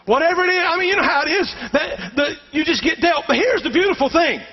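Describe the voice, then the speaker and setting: A man's voice: extremely high pitch, lively intonation, quick pace. A middle-aged man, preaching a sermon emphatically and calling out to the congregation for responses. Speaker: pastor. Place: church sanctuary. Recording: dull recording with long hall reverb.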